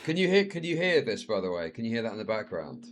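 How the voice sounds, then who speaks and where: A man's voice: sing-song, fast, background noise. A man streaming live, reacting to a video with profane, mocking commentary. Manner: profane, mocking, slips into shrill mimicking voices.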